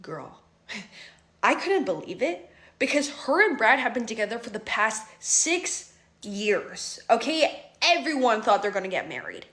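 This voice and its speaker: A young woman in her twenties tells a juicy story straight to her audience, keeping it dramatic and chatty. Her voice is a little higher than most women's, and she keeps tossing in "right?" and "okay?" to pull the listener along. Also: very animated, a little slow, fairly bright tone. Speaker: vlogger. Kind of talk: storytime vlog.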